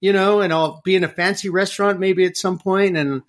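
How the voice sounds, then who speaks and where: An animated man in a relaxed interview, his voice sitting a little high for a man. He circles back over words while finding his phrasing and acts out other people in his stories. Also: fairly quick. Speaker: podcast guest. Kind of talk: conversational interview.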